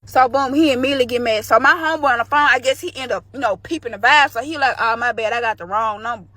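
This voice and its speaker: A woman's voice: a little high, fast talker, bright, forceful tone, dry recording. Slangy young woman telling a story. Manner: candid, slangy, laughing storyteller. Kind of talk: storytime vlog.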